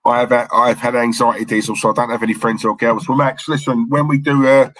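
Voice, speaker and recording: A man's voice: medium pitch, little pitch movement, brisk, fairly bright tone, low-quality recording. A young man with a London-Essex accent, chatting casually on a livestream and reading out the chat in a laddish, jokey way. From London area, England. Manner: laddish, jokey, says mate a lot.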